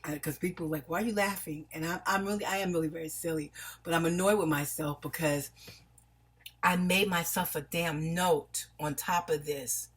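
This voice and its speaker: A woman from New York talks straight to her viewers in a loose, rambling monologue. She apologizes often and keeps losing her thread. Her voice sits low and sounds exceptionally smooth and clear. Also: steady tone, moderate pace. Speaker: vlogger. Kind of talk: personal video monologue. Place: home in Los Angeles.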